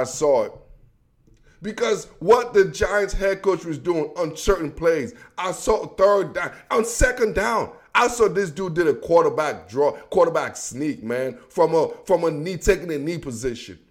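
High-voiced man ranting about football. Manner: emphatic, repetitive, slangy, calls listener bro. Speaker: sports commentator. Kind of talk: casual sports rant.

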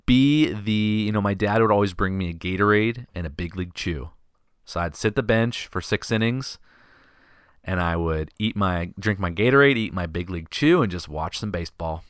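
A man hosting a podcast, telling a story in a casual, animated, self-deprecating way. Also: low voice, normal speed, clear, resonant tone, no room sound, studio quality. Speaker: podcast host.

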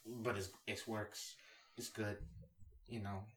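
A man's voice: on the low side, little pitch movement, takes it slowly, fairly bright tone. A young man co-hosting a podcast, chatting casually, rambling from joke to joke and saying "you know" constantly. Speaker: podcast co-host.

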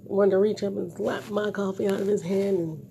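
A woman vlogger telling a story to her viewers in a casual, animated way, with wry asides, and ending on a moral lesson. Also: medium pitch, moderate pace, gravelly, a little hiss or hum.

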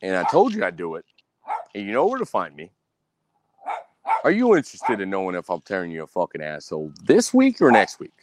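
A man's voice: wildly swooping pitch, a little fast, long pauses, background noise. Cursing, boastful man on a podcast. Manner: angry, boastful, heavy cursing, repeats himself; mimics others in a high voice. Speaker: podcast host. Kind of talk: profane solo podcast rant.

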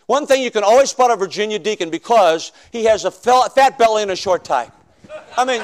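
A male preacher telling his conversion story in a sermon, swinging from loud shouts to hushed confession. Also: high voice. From northern United States. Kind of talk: sermon testimony.

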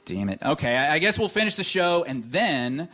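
A man's voice: a little high, very animated, moderate pace, sharp tone. A man hosting a live radio comedy show, playing a grumpy holiday skeptic with blustery comic energy. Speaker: host. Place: stage before a live audience.

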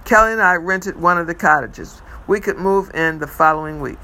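A man reading a first-person novel aloud in a measured storytelling manner, with occasional stumbles over words. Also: fairly high pitch, bright, forceful tone, low-quality recording. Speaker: reader.

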